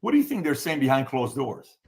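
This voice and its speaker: With a mid-range voice, big swings in pitch, vocal fry, and a fairly quick pace, a man from the Middle East hosts a casual political talk show. His Middle Eastern accent comes through as he emphatically repeats his points.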